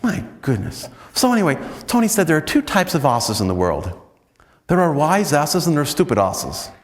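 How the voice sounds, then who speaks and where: An American man, a priest, telling stories in a chatty, self-mocking retreat talk full of "you know"s, and often breaking into animated high swoops. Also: moderate pace, long reverb tail. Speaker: priest giving a spiritual talk.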